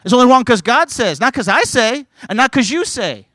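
Male preacher, high voice, earnest and emphatic, stumbles into chatty asides, close and dry. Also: sing-song, brisk, sharp tone, no room sound. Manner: earnest, emphatic preaching, reading scripture aloud; conversational asides with stumbles and repeats. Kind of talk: sermon.

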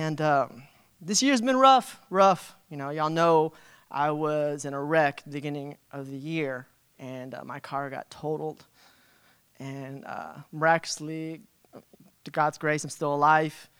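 A man giving an unprepared church testimony, casual and halting, with restarts and fillers. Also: fairly high pitch, fairly bright tone, clean tone, dry recording.

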